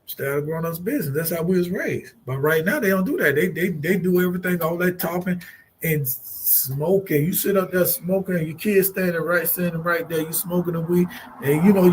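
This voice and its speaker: A man co-hosting a radio talk show, talking bluntly and profanely in animated, storytelling fashion. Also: sits high, normal speed, a little hiss or hum. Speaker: co-host.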